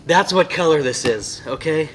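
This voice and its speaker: A man's voice: fairly high pitch, fairly bright tone, slight background noise. Chatty enthusiastic man reviewing a Bible. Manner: enthusiastic and chatty, often amused by his own slips; sounds out hard words slowly. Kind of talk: casual product review vlog.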